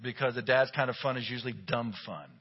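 Middle-aged pastor preaching in a reverberant hall. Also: male voice, medium pitch, quick pace. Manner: humorous, animated storytelling. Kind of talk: sermon. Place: church sanctuary. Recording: dull recording with long hall reverb.

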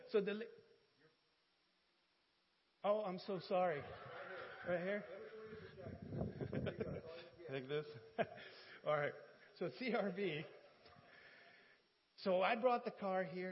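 High-pitched guy preaching, animated funny storytelling, big churchy reverb, kinda muffled sound. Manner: animated, acts out dialogue with humor. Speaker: pastor. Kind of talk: sermon storytelling. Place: church sanctuary. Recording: dull, reverberant church audio.

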